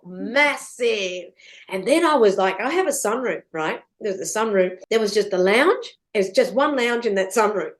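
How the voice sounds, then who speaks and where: A middle-aged woman talks as a podcast guest in an animated, storytelling way. She swears casually and laughs often. Her voice sits a little high and swings widely in pitch.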